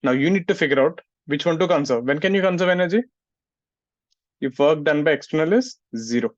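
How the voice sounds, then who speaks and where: A man's voice: a little high, animated, fairly quick, dry recording. Man teaching physics, muffled. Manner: scolds students, asks "getting it?" often. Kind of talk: classroom lecture. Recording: muffled, dry sound.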